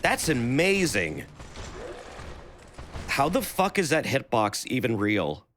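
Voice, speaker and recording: A man streaming a video game, chatting casually, swearing freely and yelling at enemies. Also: mid-range voice, huge pitch swings, slow, a little hiss or hum. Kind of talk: casual gameplay commentary.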